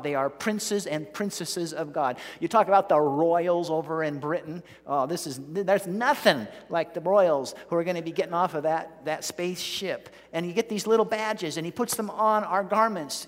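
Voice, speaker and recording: A man with a high voice preaches a sermon as a vivid story, his delivery rising to loud peaks. His voice rings out with a long hall reverb.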